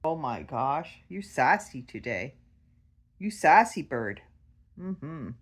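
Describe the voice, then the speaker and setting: Slow, lively low-voiced woman laughing. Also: husky. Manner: laughing, animated scolding of a pet. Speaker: parrot owner filming. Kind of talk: casual home video chat. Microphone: phone camera held by the speaker.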